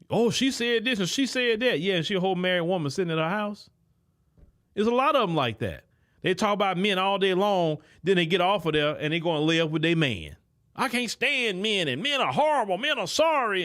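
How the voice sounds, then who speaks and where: Male host, fairly high voice, emphatic lecturing commentary, filler-heavy. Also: fairly bright tone. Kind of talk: commentary monologue.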